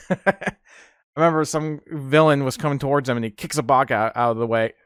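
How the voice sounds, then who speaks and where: A medium-pitched man hosts a podcast, rambling through casual chat full of laughs and fillers. His voice is clear, resonant and fairly bright, with fairly even intonation and a moderate pace, recorded in a clean studio with no echo.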